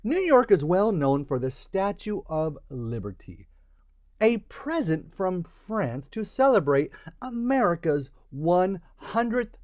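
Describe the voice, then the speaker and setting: A man tells a children's story in a playful, animated way. His voice is high and swoops up and down. The recording is dry and close. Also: no echo.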